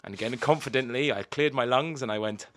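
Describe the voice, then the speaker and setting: A man's voice: medium pitch, fast, fairly bright tone. A young man co-hosting a podcast, telling rambling stories with lots of ums and restarts in casual chat. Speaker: podcast co-host.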